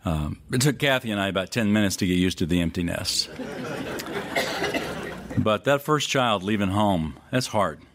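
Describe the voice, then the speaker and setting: Low-voiced middle-aged preacher telling a story. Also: male voice, lively intonation, moderate pace, long pauses, noisy background. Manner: storytelling, wide swings in pitch and loudness, hesitant restarts. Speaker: pastor. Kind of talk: sermon.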